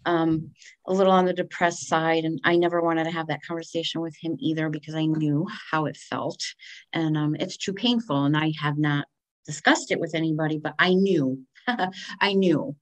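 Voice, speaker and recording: A woman's voice: low voice, normal speed. Candid middle-aged woman telling her story. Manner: candid and expressive, acts out quoted speech. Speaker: guest. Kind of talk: personal storytelling in conversation.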